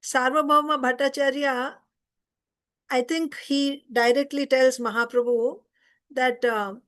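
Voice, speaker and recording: A woman's voice: sits high, steady tone, a little slow, a bit bright. A woman teaching an informal scripture class, retelling a story conversationally and stopping to explain.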